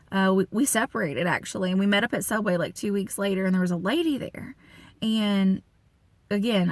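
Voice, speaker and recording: A woman in her thirties sharing a personal faith testimony in a casual, chatty way, with many fillers, talking straight to her listeners and leaping up in pitch when she quotes herself. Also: dry recording. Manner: conversational, frequent fillers, addresses listeners as y'all; animated storytelling with pitch jumps when quoting herself.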